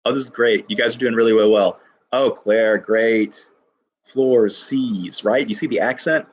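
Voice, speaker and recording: A male teacher giving an enthusiastic poetry lesson to his class, reading lines slowly and stressing each syllable. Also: fairly low pitch, breathy edge.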